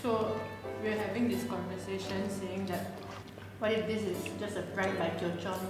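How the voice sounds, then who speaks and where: A woman's voice: mid-range voice, fairly even intonation, normal speed. A woman co-hosting an eating video, giggly and teasing as she tells stories. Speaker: co-host. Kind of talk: casual mukbang chat. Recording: echoey room with music behind.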